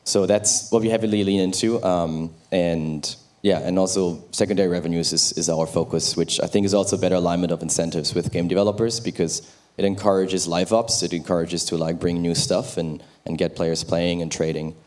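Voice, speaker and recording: A man speaking as a panelist on a theater stage, measured and explanatory. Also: low-pitched, steady tone, a little mellow. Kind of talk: conference panel discussion.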